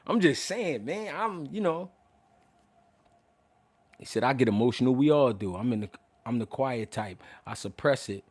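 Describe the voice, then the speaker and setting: A young adult man hosting a casual livestream about boxing, talking loudly and animatedly, swearing freely and laughing often. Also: mid-range voice, expressive, moderate pace, long pauses. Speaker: boxing commentator and show host.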